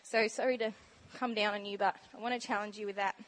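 A woman giving an informal, chatty sermon talk in a church, bubbly and quick to laugh. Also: mid-range voice, fairly even intonation, fairly bright tone. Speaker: church speaker sharing testimony.

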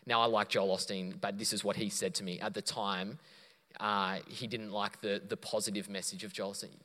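A man's voice: lowish voice, level tone, moderate pace, sharp tone. A man preaching a sermon, telling a story and quoting others before building to emphatic points. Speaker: pastor. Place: church auditorium. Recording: long reverb of a church hall.

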